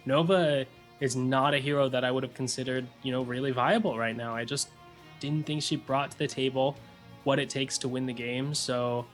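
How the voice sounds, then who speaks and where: A man's voice: mid-range voice, fairly even intonation, moderate pace, faint music behind. A young man giving earnest, analytical color commentary on a live esports match.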